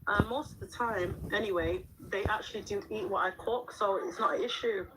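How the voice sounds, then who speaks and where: A woman's voice: medium pitch, brisk, background noise. A middle-aged woman, chatting frankly on a live stream as a mum, laughing often and answering the chat. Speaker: livestream host and mum. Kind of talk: casual live-stream chat reading viewer comments.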